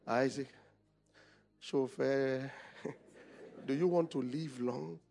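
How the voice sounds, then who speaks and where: A Nigerian preacher doing a hushed anxious mother. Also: high voice, normal speed, gravelly. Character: worried protective mother, older woman.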